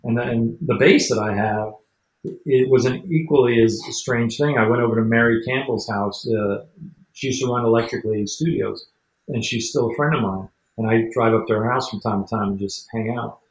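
A man telling casual stories as an interview guest, rambling and animated, acting out what people said. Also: mid-range voice, normal speed, roomy sound, low-quality recording. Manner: rambling, animated storyteller who acts out the quotes. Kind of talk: casual storytelling.

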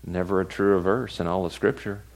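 A man's voice: sits low, steady tone, moderate pace. A middle-aged man preaching a sermon in a conversational way, asking his listeners rhetorical questions. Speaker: pastor.

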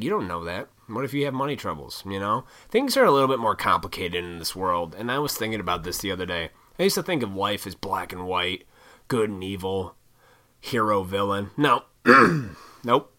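Young male podcast host, low and bright-toned, a profane, opinionated ranter. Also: sing-song, brisk. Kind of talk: casual rant.

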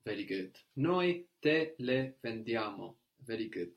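A man's voice: mid-range voice, expressive, measured pace. A man teaching a language lesson, patiently prompting and correcting a learner.

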